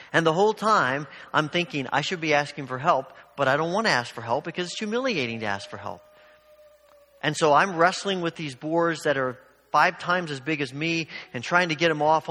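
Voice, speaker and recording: A man's voice: on the high side, sharp tone. An older man preaching a sermon as pastor, telling stories in a conversational, earnest way. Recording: long hall reverb.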